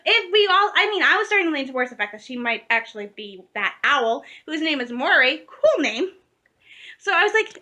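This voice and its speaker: A young woman vlogging in a casual, gushing way, talking fast and emotionally. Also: extremely high pitch, animated, bright, forceful tone. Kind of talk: excited casual fan vlog.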